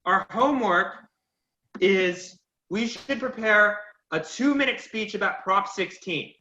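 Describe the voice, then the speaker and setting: Guy teaching a speech class, encouraging, quizzes the kids, pretty high voice. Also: slow, heavy background noise. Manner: encouraging, emphatic, asks the class questions. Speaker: public speaking teacher. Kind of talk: online class feedback and recap. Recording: lo-fi echoey room audio.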